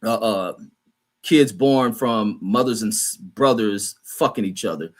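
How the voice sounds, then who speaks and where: A man's voice: on the low side, measured pace. A man hosting a livestream, ranting in a profane, combative and mocking way while he reads out and answers chat comments. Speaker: livestream host reading chat. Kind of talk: heated livestream rant.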